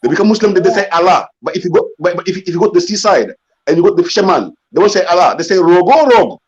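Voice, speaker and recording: Lo-fi man on a panel call. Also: sits high. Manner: repeats words, explains slowly. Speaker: panel guest.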